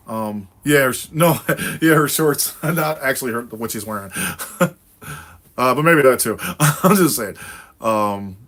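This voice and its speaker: With a mid-range, fairly bright voice and some vocal fry, this New England man hosts a casual livestream. He answers viewer comments in a relaxed, rambling, profane manner, with plenty of fillers and laughs.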